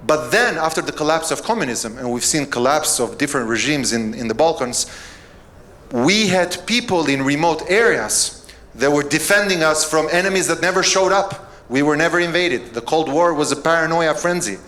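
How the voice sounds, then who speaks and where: A middle-aged man from Albania, a mayor giving a conference keynote, telling jokes and stories in a relaxed, self-deprecating way. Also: a little high, normal speed. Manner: joking, storytelling, self-deprecating.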